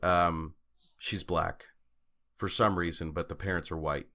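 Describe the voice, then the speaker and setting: Very deep-voiced man chatting on a podcast. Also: fairly even intonation, unhurried, sharp tone. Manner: rambling, frequent fillers and restarts, laughs often. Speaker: podcast co-host. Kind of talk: casual chat.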